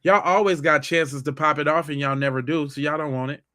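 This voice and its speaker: A man's voice: a little high, fairly even intonation, fairly quick, bright, forceful tone. A man hosting a live stream, talking casually and mocking viewers' comments in a heated tone. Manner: heated, mocking, talks straight at the chat.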